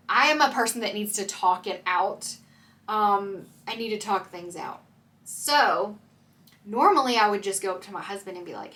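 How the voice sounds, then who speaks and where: A woman's voice: mid-range voice, a little fast, a bit bright, distant mic. A young woman chatting candidly to camera as a vlogger, full of "like" and "um". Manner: chatty, candid, filler-heavy with "like" and "um". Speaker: vlogger, military spouse. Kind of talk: casual chat to camera.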